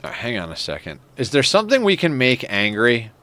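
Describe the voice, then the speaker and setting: A male streamer of middling pitch chats his way through a game, rambling between tangents and cursing freely. He chuckles often and talks into a desk mic at home in an easy, loose manner. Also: huge pitch swings, fairly quick, bright, forceful tone. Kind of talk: casual live-stream game commentary.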